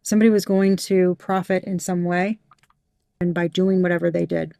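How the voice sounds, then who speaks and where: A woman's voice: on the low side, steady tone, moderate pace, gravelly, warm tone, no echo, studio quality. A woman giving a tarot reading to her viewers, emphatic and heated, swearing freely. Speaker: tarot reader.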